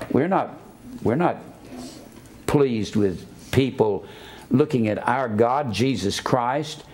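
A man delivering a sermon in a mid-range voice. He spells out words letter by letter and slows down for his quotations. His delivery swings from low, quiet asides to raised, emphatic preaching.

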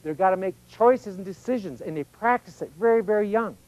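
Man, folksy lecturer, somewhat high voice, dry and slightly muffled recording. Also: brisk, darkish tone. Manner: conversational, folksy, acts out little voices of kids and parents. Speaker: speaker on personal growth. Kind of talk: informal teaching talk.

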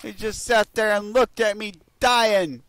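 A young man giving profane, excitable gameplay commentary, cursing at his teammates with loud outbursts. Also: sits high, measured pace, a little hiss or hum. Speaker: gaming video creator.

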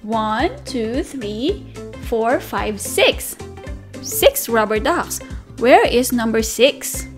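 A woman teacher reading a story aloud to toddlers, slow and sing-song, asking questions and counting along. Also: fairly high pitch, expressive, over music. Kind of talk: children's story time read-aloud.

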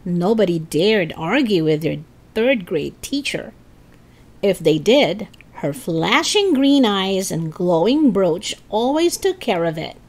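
A woman reading a children's book aloud as storyteller, with expressive narration. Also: medium pitch, takes it slowly.

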